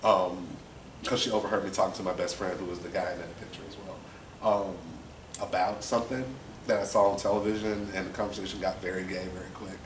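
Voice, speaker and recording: Brief: young man, low voice, candid rambling storyteller; distant, echoey recording. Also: little pitch movement, fast talker. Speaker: interviewee. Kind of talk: personal storytelling. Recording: roomy, distant, noisy ambience.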